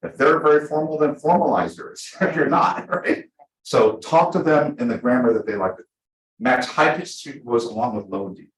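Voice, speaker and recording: A man teaching a live class to real estate agents, chatty and animated, acting out the people he quotes. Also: medium pitch, normal speed. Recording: echoey room.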